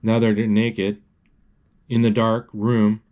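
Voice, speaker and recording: Halting man describing a movie live. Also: lowish voice, completely flat delivery, darkish tone. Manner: halting, with many restarts and self-corrections. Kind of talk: live play-by-play of a movie as it plays.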